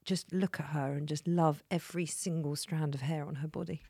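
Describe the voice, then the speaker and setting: A woman's voice: sits low, steady tone, brisk, a little mellow, slightly rough, dry recording, clean studio sound. A woman co-hosting a podcast, teasing and giggly, steering the casual chat. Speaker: podcast co-host.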